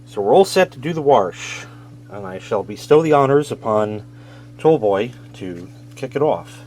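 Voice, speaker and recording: Over the sound of running water, a host chats through setting up washing machines for a laundry video. His medium-pitched voice is expressive, unhurried, and a little mellow, and his manner is jokey and playful.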